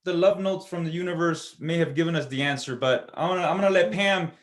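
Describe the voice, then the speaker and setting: A man's voice: fairly high pitch, fast. A man telling a personal story as a guest speaker at a church service, in an earnest, conversational way.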